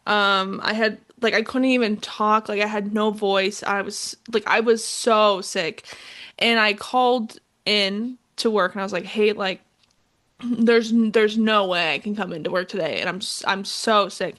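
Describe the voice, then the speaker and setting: A woman's voice: mid-range voice, steady tone, a little slow, a bit bright. A young woman co-hosting a podcast, telling a story in a rambling, casual way full of fillers. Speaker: podcast co-host. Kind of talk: casual chat.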